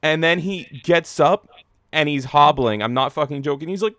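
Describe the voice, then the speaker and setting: Animated swearing male storyteller host. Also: a little high, normal speed, dry recording, studio quality. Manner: animated, swears a lot, acts out voices. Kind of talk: casual chat, storytelling.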